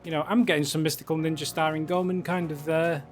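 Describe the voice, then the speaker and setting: A man's voice: fairly high pitch, level tone, fast talker, soft background music. Jokey male game streamer. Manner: jokey, reads game dialogue in voices. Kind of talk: casual gameplay commentary.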